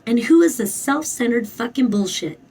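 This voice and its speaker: A woman's voice: fairly high pitch, expressive, moderate pace, darkish tone, husky, distant mic, rough recording. A woman giving a spoken tarot reading, emphatic and blunt, swearing freely and repeating her phrases. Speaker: tarot reader.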